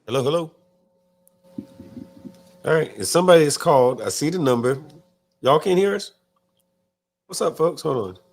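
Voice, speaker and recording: A man with a slightly raised voice hosts a live biker talk stream. He talks in a loose, profane way and keeps reading viewer messages out loud. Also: fairly high pitch, expressive, normal speed, long pauses. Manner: loose, reads viewer comments aloud, profane. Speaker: podcast co-host. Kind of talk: casual live-stream chat.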